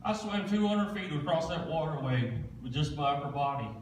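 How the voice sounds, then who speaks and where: A man's voice: fairly high pitch, expressive, moderate pace, slight background noise. A man, a guest speaker giving a plain-spoken, folksy testimony during a church service. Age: 40s. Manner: plain-spoken storytelling, folksy Southern phrasing. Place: church sanctuary. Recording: echoey church room, distant mic.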